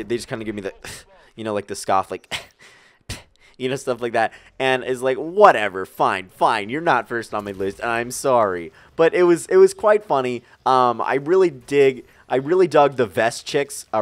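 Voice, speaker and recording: A man's voice: mid-range voice, no echo. Rambling young man telling a story. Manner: rambling, filler-heavy, animated storytelling. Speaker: vlogger. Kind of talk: casual storytime vlog.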